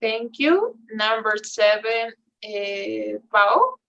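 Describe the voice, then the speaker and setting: A woman teaching an English class online, talking slowly with many fillers and restarts. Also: on the high side, very animated, vocal fry, a bit bright, lo-fi sound. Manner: slow, hesitant, non-native English with many fillers.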